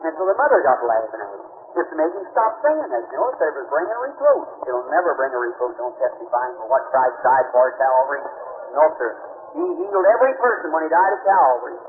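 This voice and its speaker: Folksy preacher on tinny tape. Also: male voice, mid-range voice, huge pitch swings, fast. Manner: folksy, repeats words, earnest storytelling. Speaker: evangelist preacher. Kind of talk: sermon with storytelling. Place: revival meeting before an audience. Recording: tinny lo-fi archival recording with hiss.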